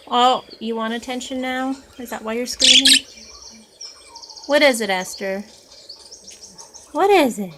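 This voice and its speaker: A woman's voice: on the high side, measured pace, pauses often, heavy background noise. A woman filming her pet birds at home, cooing to them in sing-song baby talk. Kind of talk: casual home video, talking to pet birds.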